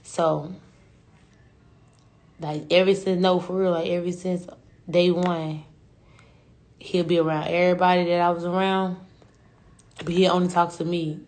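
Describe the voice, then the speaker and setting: A woman's voice: fairly low pitch, little pitch movement, measured pace, pauses often, darkish tone. A young adult woman telling a story on a livestream in a slangy, profane, rambling way. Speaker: rapper.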